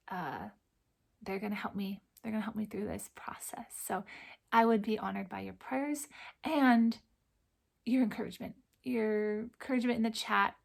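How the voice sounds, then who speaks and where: A woman hosting her cross stitch channel, talking softly and from the heart, close to tears and often dropping to a near whisper. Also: on the high side, gravelly. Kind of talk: casual chat to camera.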